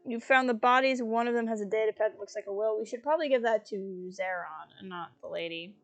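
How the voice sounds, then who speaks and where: A young woman chatting playfully through a live game stream. Her voice sits a bit high and bounces with jokes and asides. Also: fast talker, no room sound, faint music behind.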